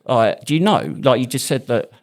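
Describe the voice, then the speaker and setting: A man in his forties, talking loosely as a podcast host. His voice sits at an ordinary pitch, and he spins his army stories in chatty banter with the odd curse. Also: expressive, normal speed. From United Kingdom. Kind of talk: casual chat.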